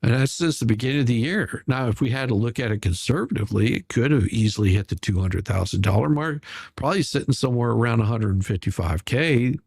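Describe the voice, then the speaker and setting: A man's voice: mid-range voice, expressive, fast, vocal fry, darkish tone, breathy edge, no room sound, clean studio sound. A man hosting casual drama commentary, sarcastic and rambling, with many restarts. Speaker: commentary channel host.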